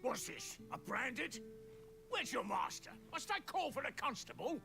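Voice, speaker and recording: A man's voice: extremely high pitch, sing-song, unhurried, vocal fry, full character voice. An actor playing a fussy, pompous male trader who speaks with indignant hesitation. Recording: game audio with music. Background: game music.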